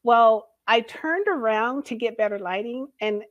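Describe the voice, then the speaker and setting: A middle-aged woman, a podcast guest, telling a story in a lively, laughing way. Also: fairly high pitch, a little slow, no room sound, highs cut off. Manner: animated, laughing storyteller who acts out the voices of others. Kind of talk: casual storytelling in an interview.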